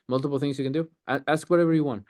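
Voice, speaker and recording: A man's voice: on the high side, fairly even intonation, very fast, a little mellow, no echo, clean studio sound. A man coaching a sales group on a video call, blunt and emphatic.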